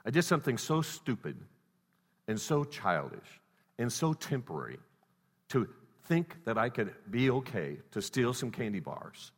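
A man preaching a sermon built around a personal story, swinging between loud emphasis and hushed lines. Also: deep voice. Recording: reverberant hall.

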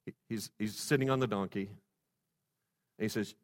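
A male pastor preaching a sermon, swinging from loud exhortation to hushed softness and stacking rhetorical questions. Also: fairly low pitch, fairly even intonation, normal speed. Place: church sanctuary. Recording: long reverb in a church hall.

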